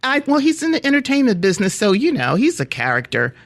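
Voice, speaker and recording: A fast-talking woman with a medium-pitched voice hosts a radio talk show, interviewing a guest amid plenty of laughter. She comes across as a giggly, animated storyteller.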